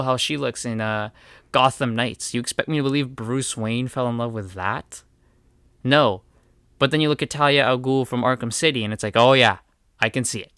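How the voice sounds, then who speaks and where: A man's voice: mid-range voice, fairly bright tone, smooth, no echo, studio quality. A man giving a heated video rant, stressing his points by repeating words. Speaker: video commentator. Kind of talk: ranting video commentary.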